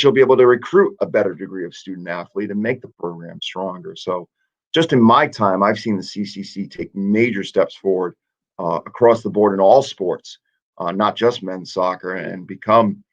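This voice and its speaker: Low, gravelly man on a muffled line. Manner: self-mocking, restarts often. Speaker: soccer coach. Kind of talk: casual radio interview.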